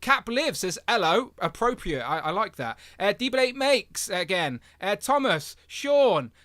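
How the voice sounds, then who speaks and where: A man's voice: high voice, big pitch swings, unhurried, pushed and bright, dry recording, clean studio sound. A young English man hosting a casual livestream, chatty and upbeat, reading out viewer comments. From England. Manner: upbeat, chatty, laughs often. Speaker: livestream host. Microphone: headphones with mic.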